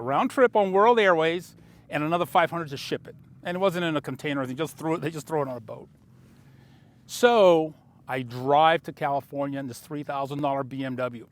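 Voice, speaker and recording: A man in his sixties, a car dealer, telling a motivational story to the camera in an animated, building way. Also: medium pitch. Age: 60s.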